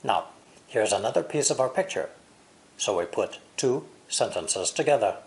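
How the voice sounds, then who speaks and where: A man with an American accent teaching English pronunciation, speaking deliberately and exaggerating stress and intonation. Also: medium pitch, expressive. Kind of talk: pronunciation lesson.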